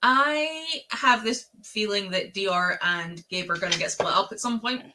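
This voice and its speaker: Bright giggly woman. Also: medium pitch. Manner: giggly, quick questions, loses her train of thought. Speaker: book club host. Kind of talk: casual book chat.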